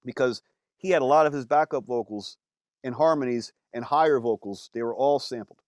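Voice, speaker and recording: A man, a musician guest, telling stories in a casual interview, animated, with lots of fillers and some swearing. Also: medium pitch, a little fast, no echo.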